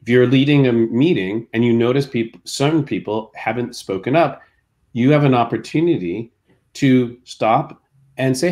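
A man's voice: mid-range voice, moderate pace, darkish tone. Thoughtful man guest explaining ideas. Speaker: guest, company co-founder. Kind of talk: casual interview.

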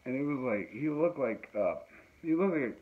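Recorded at home with dull, lo-fi audio and faint noise, this musician and podcast host chats casually, rambling with lots of fillers and laughter. His medium-pitched voice is animated and moves at a moderate pace.

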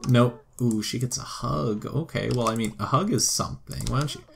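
A young man with a gravelly, mid-range voice commentates a life-sim game at a moderate pace, playfully and sarcastically addressing the characters on screen. It's let's play commentary, with slight background noise.

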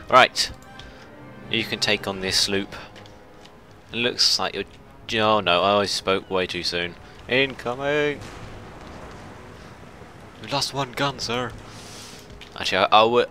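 Man, deep voice, forceful tone, casual gameplay commentary, faint game music behind. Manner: chatty and self-mocking, shouting orders at ships when excited. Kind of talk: casual let's play commentary.

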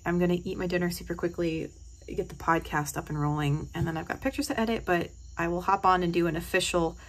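A woman's voice: on the low side, rough recording. A woman from New Jersey talking casually into her phone for a vlog, telling stories in a gushing, emotional way. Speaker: vlogger. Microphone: phone held close.

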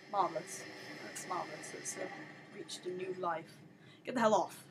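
A woman's voice: lowish voice, big pitch swings, moderate pace, a bit bright, a little hiss or hum. A woman doing let's play commentary, sarcastic and exasperated, egging on her game character. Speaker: gaming channel host.

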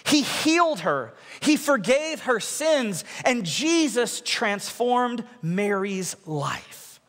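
Man preaching, high voice, animated storytelling, long hall reverb. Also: takes it slowly. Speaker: pastor. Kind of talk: sermon. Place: large church worship center.

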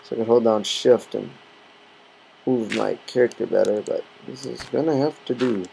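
A man's voice: medium pitch, moderate pace, vocal fry, mellow, rough recording. A man rambling goofily to himself while playing Minecraft, recorded on a computer's built-in mic. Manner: rambling, goofy, talks to himself. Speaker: Minecraft let's player. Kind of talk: casual gameplay commentary. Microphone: computer's built-in mic, not headset. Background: computer fan hum.

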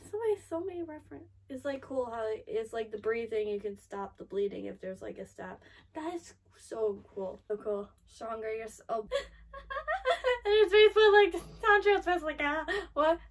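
A high-voiced woman reacts to an anime episode as she watches it, excitable and fretful, swinging between gasps, swearing and cheering. She sits a little back from the mic, so her voice sounds slightly distant. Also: measured pace. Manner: excitable, gasps and frets aloud, swears often. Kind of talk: live anime reaction commentary.

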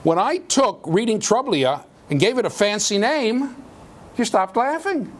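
A man giving a university lecture in an animated, jokey way, with sudden loud outbursts. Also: high-pitched, unhurried, slight background noise. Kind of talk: classroom lecture. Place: lecture hall.

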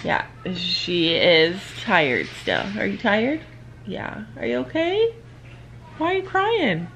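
A woman's voice: medium pitch, big pitch swings, slow, creaky, a bit bright, slight background noise. An older woman, a grandmother, chatting casually in a family vlog from a bed in her living room, playfully coaxing her grandchildren.

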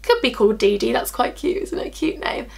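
Bubbly young beauty vlogger. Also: female voice, fairly high pitch, a little fast, vocal fry. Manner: bubbly, excitable and candid, chatting to viewers. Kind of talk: chatty makeup tutorial.

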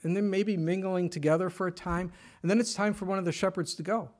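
A middle-aged man preaching a sermon in a casual, conversational way, telling the story with lively emphasis and dropping to a whisper for quoted words. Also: high voice, fast. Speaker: pastor.

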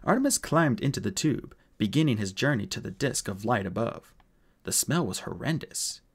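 A man narrating an audiobook with a lively, expressive reading. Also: mid-range voice, normal speed, breathy edge.

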